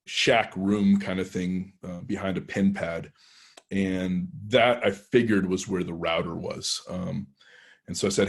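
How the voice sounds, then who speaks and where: A man's voice: low-pitched, fairly even intonation, moderate pace, a little mellow, breathy edge. A man with a Texan accent, a penetration tester telling a story to a club, rambling and hesitant with many restarts. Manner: rambling anecdotal delivery, frequent hesitations and restarts. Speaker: penetration tester guest speaker.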